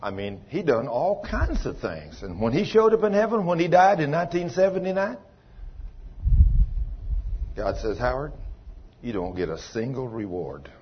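A man preaching a folksy, impassioned sermon, swinging between loud pleading and low quiet. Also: big pitch swings, moderate pace, slight background noise. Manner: folksy, plain-spoken. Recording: dull lo-fi recording.

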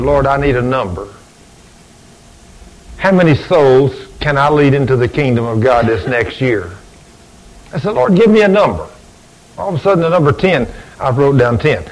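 Man, preacher, folksy storyteller, fairly high voice, radio broadcast sermon. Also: poor audio. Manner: folksy, acts out both sides of conversations. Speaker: preacher and deacon.

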